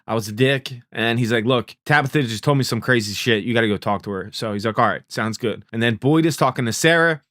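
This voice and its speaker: A man's voice: mid-range voice, quick pace, hardly any pauses, fairly bright tone, no echo, clean studio sound. A man casually recapping a TV series episode, laid-back and profane, loosely paraphrasing what the characters say. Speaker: TV recap host.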